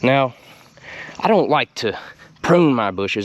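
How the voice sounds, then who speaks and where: A man hosting a comedic gardening tutorial outdoors in a folksy, drawling way, with deadpan innuendo. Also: medium pitch, takes it slowly. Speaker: gardening show host.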